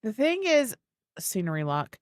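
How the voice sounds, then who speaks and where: A woman chats through a building game, her pitch leaping up and down as she coos baby talk at an animal and then mutters about where to put things. Her voice sits in a middle register, and the recording is close and dry, with no room sound. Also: very animated, measured pace, no echo. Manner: chatty, thinking aloud while building. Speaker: gaming video creator. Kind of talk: casual gameplay commentary.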